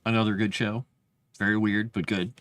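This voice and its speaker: A man's voice: fairly low pitch, flat delivery, moderate pace, a bit bright. A man streaming live as he writes fantasy lore, chatting casually and rambling, and reading his drafts aloud under his breath.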